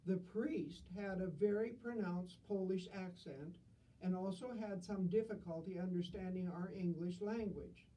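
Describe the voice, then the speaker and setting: Older woman, dry self-deprecating humor reader; low, mellow, distant recording. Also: measured pace. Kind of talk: humorous reading.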